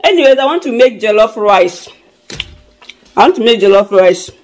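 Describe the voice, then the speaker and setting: A vlogger with a Nigerian accent addresses her viewers directly in a casual vlog, fretting aloud, circling back to the same worries and repeating her lines in a chatty way. Her fairly high voice is animated at a normal speed, and the recording is low quality.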